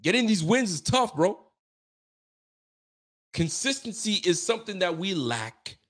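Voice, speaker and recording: A man's voice: high-pitched, big pitch swings, measured pace, fairly bright tone. A young man hosting a sports show, venting in a heated postgame rant, slangy and repetitive. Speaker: sports podcast host.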